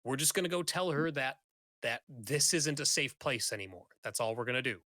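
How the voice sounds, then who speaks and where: A man's voice: medium pitch, a little fast, bright, forceful tone, dry recording, studio quality, natural voice. A man playing a wary male guard of a mercenary company, who speaks in a plain, reasonable, conciliatory way. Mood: calm.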